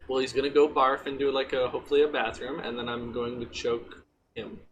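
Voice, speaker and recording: A man's voice: medium pitch, flat delivery, brisk, dull audio, over music. Wry joking man narrating his gameplay. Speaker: gaming streamer. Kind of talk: casual gameplay commentary.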